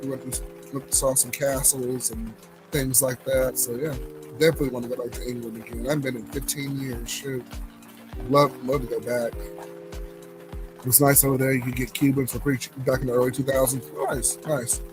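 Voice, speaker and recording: A man's voice: mid-range voice, little pitch movement, a little fast, over music, rough recording. A young man with a Southern US accent, hosting a casual cigar livestream and telling rambling stories full of fillers and restarts. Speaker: cigar lounge livestream host.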